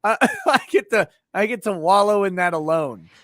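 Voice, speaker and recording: A man's voice: high voice, lively intonation, normal speed, fairly bright tone, no echo, studio quality. A man hosting a live stream, reading viewer comments aloud and joking with guests. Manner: joking, laughs often, reads chat aloud. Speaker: livestream host.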